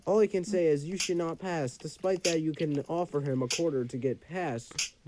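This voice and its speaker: A young man streaming a game, chatting and reacting with sudden loud yelps. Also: a little high, moderate pace, background noise. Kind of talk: casual gameplay commentary. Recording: game music playing behind.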